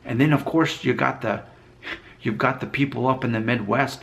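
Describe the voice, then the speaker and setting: A man's voice: mid-range voice, fairly even intonation, moderate pace, vocal fry, a bit bright. A man from Alabama talking casually to camera, rambling and self-deprecating as he thinks aloud. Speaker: vlogger. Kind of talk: casual talking-head commentary.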